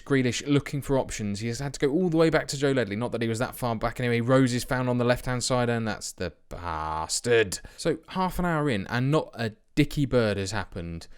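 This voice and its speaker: A young let's play host commentates his football management game, chatty and self-mocking with sudden bursts of excitement. His voice is medium-pitched and smooth.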